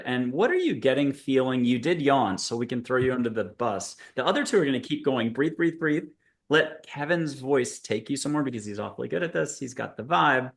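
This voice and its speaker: A man's voice: medium pitch, vocal fry. A man hosting a video-call panel, leading a guided meditation in a playful, rambling, punning way. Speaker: host.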